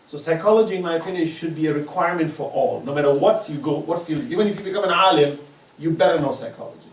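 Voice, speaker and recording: A man's voice: fairly high pitch, quick pace. Impassioned male lecturer in an echoey room. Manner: impassioned, storytelling, varies loudness widely. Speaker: Islamic lecturer. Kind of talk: religious lecture. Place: private residence. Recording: echoey room from far off, faint noise.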